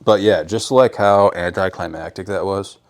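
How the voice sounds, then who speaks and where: A man's voice: low voice, steady tone, normal speed. A young man from Rhode Island hosting a podcast, talking in a laid-back, casual way, saying "dude" a lot and laughing hard at his own stories. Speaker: podcast host. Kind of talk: casual chat.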